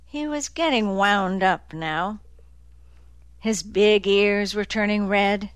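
A woman narrating an audiobook in a measured, deliberate way. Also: mid-range voice, clean tone, no room sound. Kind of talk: scripted narration.

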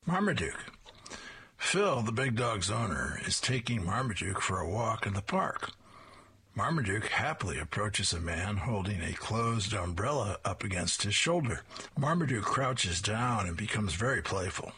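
A man's voice: fairly low pitch, measured pace, breathy edge. A man hosting a show where he reads comic strips aloud, narrating the panels with animation. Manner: animated, chuckles after punchlines.

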